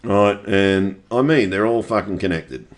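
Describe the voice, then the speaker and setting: Aussie bloke, middle-aged, lowish voice, rambling and swearing nonstop, pushy about it. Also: male voice, measured pace. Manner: profane, insistent, rambling. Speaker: conspiracy video maker. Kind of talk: rambling monologue to camera.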